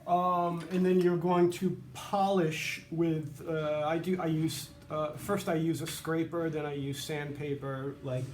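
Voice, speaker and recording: A man's voice: fairly high pitch, little pitch movement, unhurried, hardly any pauses, darkish tone, echoey room, a little hiss or hum. A man who makes violins, explaining his work in a rambling, chatty way full of fillers and asides. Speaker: violin maker. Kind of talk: casual workshop tutorial. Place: humid workshop near the beach.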